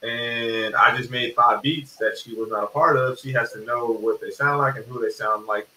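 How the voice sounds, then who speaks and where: A man's voice: mid-range voice, moderate pace. A man, a music producer, chatting casually and reflectively in an interview, with lots of filler words. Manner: relaxed, reflective, uses many fillers like "like" and "you know". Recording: roomy, distant mic with faint hiss.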